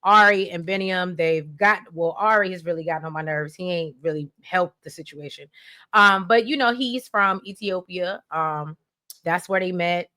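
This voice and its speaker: Brief: woman gossip co-host, lower voice, animated and chatty. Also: normal speed. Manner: chatty, animated, laughs often. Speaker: podcast co-host. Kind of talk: casual gossip chat.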